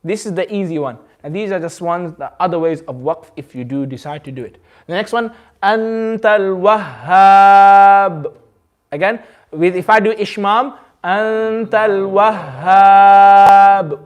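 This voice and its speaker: A man teaching a community class, patiently drawing out each word slowly, then explaining in quick bursts. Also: a little high, lively intonation, dull audio. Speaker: Quran recitation teacher. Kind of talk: hands-on group lesson.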